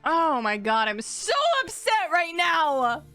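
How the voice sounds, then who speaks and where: A woman's voice: high-pitched, sing-song, takes it slowly, fairly bright tone. A young woman streaming a game live, ranting in a profane, exasperated way. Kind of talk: live gameplay commentary. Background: game music.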